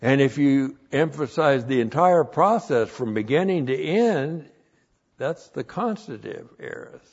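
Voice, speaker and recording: A man preaching a sermon and teaching the Bible as a pastor, repeating phrases and rising loud to stress a point. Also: mid-range voice, expressive, measured pace, vocal fry, breathy edge. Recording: dull lo-fi recording.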